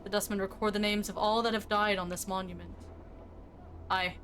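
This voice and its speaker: A woman voicing a gruff, weary male gravedigger in a game, with a slow, resigned drawl. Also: mid-range voice, level tone, over music, lightly acted.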